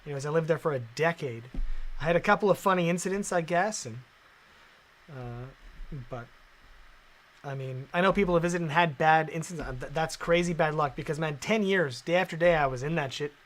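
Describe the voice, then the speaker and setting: A man's voice: a little high, fairly quick, fairly bright tone. A man, chatting casually on a stream, laid-back and swearing often.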